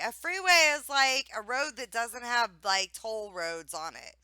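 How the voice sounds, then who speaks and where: A woman from Ohio with a mild Southern accent, chatting casually as a streamer guest, animated and laughing, with frequent swearing. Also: sits high, a little slow, few pauses, clean tone, no room sound, poor audio. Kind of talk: casual chat.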